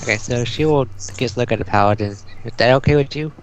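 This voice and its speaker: A man's voice: medium pitch, quick pace, clear, resonant tone, rough recording. A man playing a tabletop game who carefully asks the game master questions. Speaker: player. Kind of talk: casual game chat.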